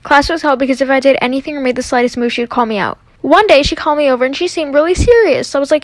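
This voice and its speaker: Young woman rattling off a storytime, kinda high voice, super dry close mic, chatty and dramatic. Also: very fast, hardly any pauses, dry recording. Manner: chatty, dramatic retelling with quoted dialogue. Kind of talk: fast storytime narration.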